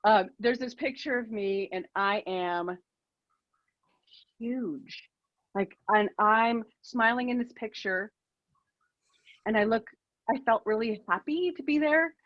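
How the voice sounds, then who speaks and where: A woman's voice: fairly high pitch, takes it slowly, pauses often, no echo, dull audio. A woman in her fifties, a keynote speaker, telling a personal story over a video call in a candid, self-deprecating way.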